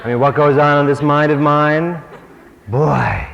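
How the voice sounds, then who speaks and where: On stage before an audience, a man acting as a spiritual teacher gives a humorous workshop talk packed with self-mocking asides. His voice is on the high side and creaky, a little slow. It's a dull old recording with long hall reverb and faint hiss.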